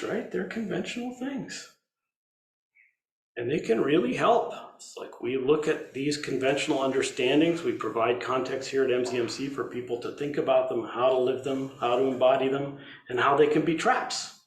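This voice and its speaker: A man gives a relaxed dharma talk, his voice rising and falling a lot as he thinks aloud. He stops, restarts and pauses often. The sound carries a roomy echo, as in a meditation hall. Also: mid-range voice. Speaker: Zen teacher giving a dharma talk.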